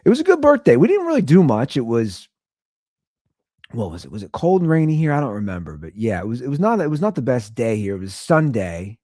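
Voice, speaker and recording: A man's voice: medium pitch, wildly swooping pitch, brisk, mellow, dry recording, clean studio sound. A young man hosting a casual solo podcast, rambling about family life. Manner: rambling, chatty, swings between sing-song and mumbling. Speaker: podcast host.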